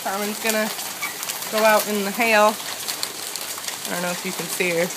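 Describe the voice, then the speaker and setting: A young woman filming a hailstorm on her phone, narrating casually and excitedly, with a lot of swearing and laughter. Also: medium pitch, a little slow. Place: home doorway, hail outside. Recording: loud hail noise behind. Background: hail and rain.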